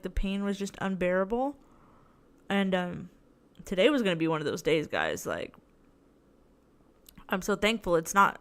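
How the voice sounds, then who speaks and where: A woman's voice: medium pitch, fairly bright tone, clear, resonant tone. A young woman hosting her own podcast, telling a long story in a rambling, chatty way, tired and in tooth pain. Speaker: podcast host. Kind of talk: casual solo podcast chat.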